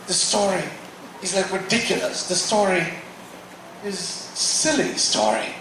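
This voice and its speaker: Animated African-born preacher in an echoey hall. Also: male voice, on the high side, gravelly. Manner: animated storytelling, acting out dialogue. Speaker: guest preacher. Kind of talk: testimony sermon. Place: large church auditorium. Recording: echoey hall, mic from far off, faint noise.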